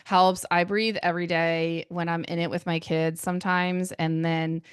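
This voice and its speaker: A woman's voice: lowish voice, flat delivery, moderate pace, smooth, dry recording, clean studio sound. A woman guest on a podcast, chatting casually and eagerly affirming what the host says. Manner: enthusiastic and affirming, repeats her agreement.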